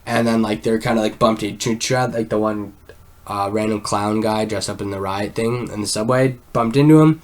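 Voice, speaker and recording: A man's voice: fairly low pitch, fairly even intonation, a little fast. Rambling, swearing man recapping a film. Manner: rambling, swears a lot, heavy use of "like". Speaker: film reviewer.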